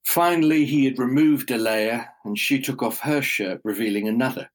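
A man telling a folk tale aloud in a slow, measured, dramatic way. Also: medium pitch. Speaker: storyteller. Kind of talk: oral storytelling.

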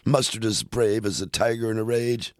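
A man hosting a radio show, reading children's poems aloud in a playful, expressive way. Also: lowish voice, moderate pace, no room sound, studio quality.

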